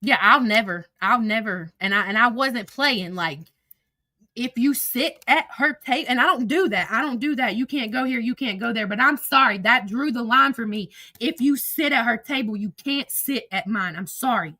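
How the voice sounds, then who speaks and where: Woman, heated livestream rant, swearing, emotional, bright high voice, phone mic. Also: moderate pace, dry recording. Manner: angry, profane, emotional, repeats herself.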